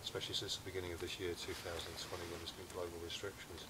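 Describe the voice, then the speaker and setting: A middle-aged British man hosting an outdoors channel, talking in an easygoing, relaxed way from a hammock in the woods. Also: low-pitched, very fast, heavy background noise. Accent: British English. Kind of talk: casual chat to camera.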